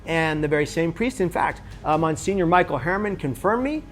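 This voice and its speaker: A man with a slightly high voice tells a personal story straight to camera. He is animated and jumps into the voices of the people he quotes. Faint music plays underneath. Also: brisk. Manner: animated, acts out other people's lines in the story. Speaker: suicide prevention speaker.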